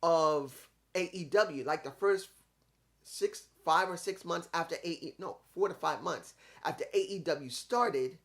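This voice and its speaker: A man's voice: on the high side, unhurried, vocal fry, a bit bright. A man in his fifties giving a casual, rambling review of a wrestling show, often correcting himself mid-sentence and admitting he could be wrong.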